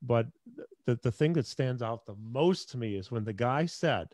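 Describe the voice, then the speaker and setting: A man's voice: mid-range voice, expressive, normal speed, a little mellow, no room sound. Chatty middle-aged male host, dry sound. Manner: chatty, digressive. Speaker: podcast host. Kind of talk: casual interview talk.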